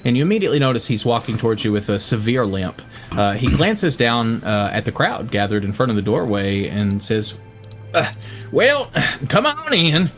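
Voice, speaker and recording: A male game master narrating a tabletop game, his pitch swinging widely. He halts with fillers and breaks into laughter often, over faint background music. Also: expressive, brisk.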